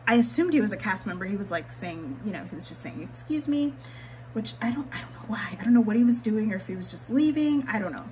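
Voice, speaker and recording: A woman's voice: mid-range voice, lively intonation, quick pace, hardly any pauses, a little mellow, slight background noise, rough recording. A woman vlogger chatting candidly while she decorates her planner, swearing casually and laughing often.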